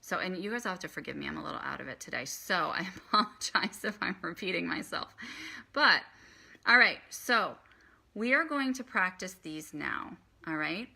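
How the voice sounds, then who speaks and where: A woman with a bright, forceful tone and a slightly low voice teaches a meditation lesson over a live stream on her phone. She talks in a loose, chatty way and guides slow breathing and chanting. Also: lively intonation, gravelly.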